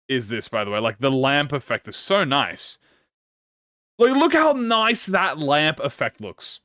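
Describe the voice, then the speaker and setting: Host casting: excitable man reacting to a game trailer, lively voice, bright-ish pitch, dry close sound. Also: no room sound. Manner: excitable, slangy, swears, laughs often. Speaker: gaming channel host. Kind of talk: casual reaction commentary.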